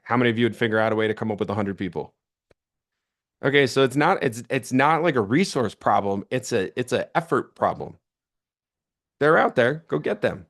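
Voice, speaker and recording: A man's voice: medium pitch, a little fast. A young man giving a sales training talk to an audience, telling stories and acting out the people he quotes. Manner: animated storytelling, acts out quoted voices.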